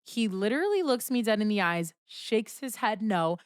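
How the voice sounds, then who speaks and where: A woman's voice: mid-range voice, sing-song, moderate pace, clear, resonant tone, no echo, studio quality. A young woman co-hosting a podcast, telling a party story in casual chat, acting out quotes and swearing freely. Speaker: podcast co-host.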